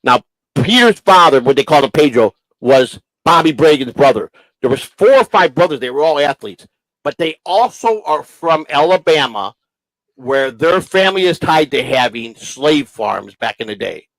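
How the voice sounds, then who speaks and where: A man hosting a casual talk show, telling long rambling stories with halting restarts. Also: on the high side, lively intonation, fairly bright tone, no echo, low-quality recording. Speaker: show host. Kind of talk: casual storytelling chat.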